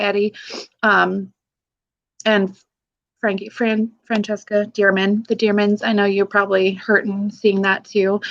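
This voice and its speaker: A woman's voice: medium pitch, a bit bright. Frank, emotional woman veteran, muffled audio. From Pacific Northwest, USA. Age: 30s. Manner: frank and emotional, swears casually, laughs often. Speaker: army veteran guest. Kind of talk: candid podcast interview.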